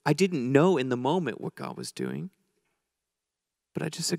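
Brief: middle-aged male preacher, gravelly edge, dry close sound, chatty anecdotal sermon. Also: medium pitch, huge pitch swings, normal speed, pauses often, a little mellow, dry recording. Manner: conversational, joking, many restarts and fillers. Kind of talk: sermon storytelling.

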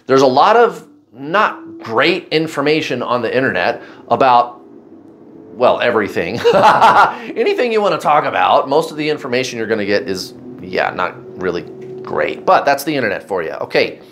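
Male tarot reader, casual and outspoken, with a lively, swooping delivery and plenty of swearing. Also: mid-range voice, moderate pace, a little hiss or hum. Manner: blunt and chatty, swears, keeps saying "guys". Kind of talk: casual tarot card reading.

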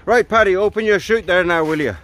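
A man voicing an exasperated Irish skydiving instructor in a deliberately rough put-on Irish accent, pleading and swearing. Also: sits high, a bit bright, a little hiss or hum, voice pushed up. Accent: Irish, put on badly.

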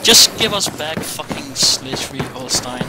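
A man's voice: mid-range voice, measured pace, very noisy. A man from Denmark in casual gaming chat, joking and laughing often. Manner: giggly, animated and joking. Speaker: gameplay commentator. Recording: loud gunfire behind voice.

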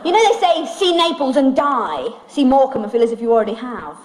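This live stand-up and comic song set features a woman from England whose voice sits high and sounds very animated and brisk. Her humor is dry and self-mocking, and the old vinyl recording carries music, audience, and a noisy background.

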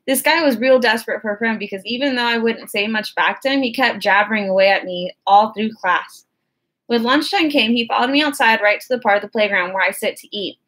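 Woman narrator, first-person audiobook, wry and conversational, slightly high voice. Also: a little fast, fairly bright tone.

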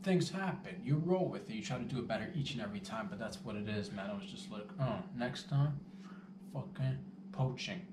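A man's voice: on the low side, fast, few pauses, far from the mic. A man hosting his own show, talking in a rambling, playful, self-mocking way and swearing freely. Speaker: host. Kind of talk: casual comedic monologue. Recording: echoey room, voice from off the mic, noisy background.

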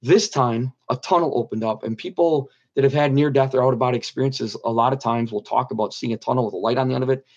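A man's voice: medium pitch, quick pace, hardly any pauses, a little mellow. Earnest man in a muffled interview. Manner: earnest, repeats phrases for emphasis. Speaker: guest telling his near-death story. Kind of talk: personal testimony in an interview.

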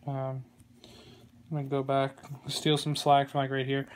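A man giving a casual how-to tutorial on a glove, relaxed and rambling, with plenty of fillers and small jokes. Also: medium pitch, moderate pace, slight background noise. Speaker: glove maker demonstrating lacing. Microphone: phone camera.

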